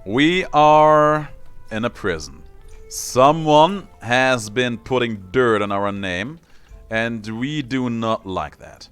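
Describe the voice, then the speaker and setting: A man's voice: mid-range voice, expressive, slow, fairly bright tone, clear, resonant tone, soft background music. A man hosting a let's play video, making joking asides as he plays. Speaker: gaming channel host.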